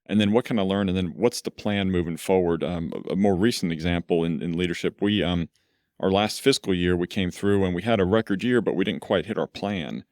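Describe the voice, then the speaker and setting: Low-voiced rambling executive man. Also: a little fast, a little mellow, no echo, clean studio sound. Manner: reflective, rambling storyteller. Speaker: law firm CEO, podcast guest. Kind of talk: conversational interview.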